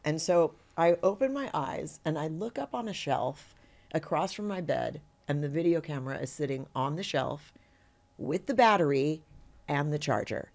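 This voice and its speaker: Animated middle-aged woman telling stories. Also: low voice, moderate pace. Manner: animated storyteller who acts out quoted voices. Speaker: guest actor. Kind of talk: anecdotal interview chat.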